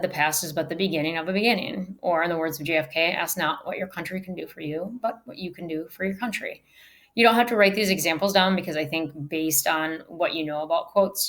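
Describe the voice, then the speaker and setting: A woman teacher giving a recorded virtual lecture on public speaking, emphatic and shifting her delivery to show how things should be said. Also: on the low side. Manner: emphatic, varies delivery to demonstrate. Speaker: speech teacher.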